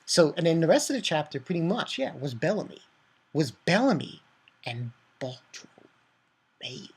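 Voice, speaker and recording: A man giving a casual manga chapter review, excitable and profane, rambling with many fillers. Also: fairly high pitch, moderate pace, husky.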